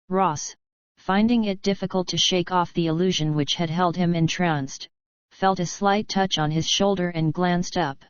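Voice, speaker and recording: A woman narrates an adventure novel at a steady, measured pace. Her voice is low, smooth and clear. The recording is dry and a bit dull. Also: dry recording. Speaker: audiobook narrator. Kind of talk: scripted narration.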